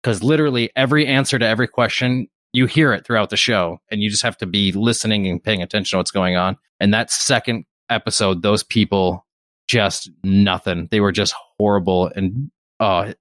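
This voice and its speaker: A man's voice: lowish voice, fairly quick, fairly bright tone, no room sound, clean studio sound. A man co-hosting a casual podcast, telling stories in a rambling way, laughing often and swearing casually. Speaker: podcast co-host.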